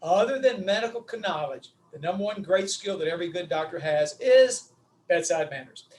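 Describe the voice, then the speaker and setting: A middle-aged man with a Southern US accent giving a folksy, animated webinar lecture, calling his audience his friends. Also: high voice, normal speed, recorded from a distance, a little hiss or hum, poor audio. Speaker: webinar speaker on vocal delivery.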